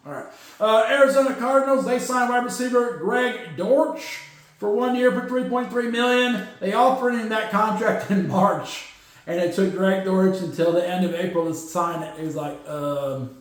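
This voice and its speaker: A man with a high voice riffs on football news, opinionated and playful. He mocks players with quick acted-out asides. His voice rings around a very echoey room. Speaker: podcast host. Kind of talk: casual solo sports talk.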